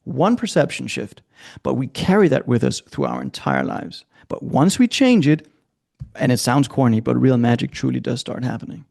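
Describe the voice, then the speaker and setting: A middle-aged man, a coach and guest, telling stories in an animated way and acting out the people he quotes. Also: medium pitch, moderate pace, vocal fry. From Scandinavia. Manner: lively, acts out quoted voices. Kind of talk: animated storytelling.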